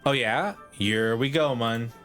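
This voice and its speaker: A man's voice: mid-range voice, takes it slowly, fairly bright tone, faint music behind. A young man streaming a game, joking, laughing and swearing in casual, rambling commentary.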